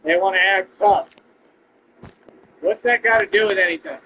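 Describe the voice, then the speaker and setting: Streaming a game, this man from Texas goes on a confrontational, boastful rant aimed at his viewers. He speaks at a moderate pace in a high pitch with fairly even intonation. Faint hiss or hum runs through the dull, lo-fi stream recording.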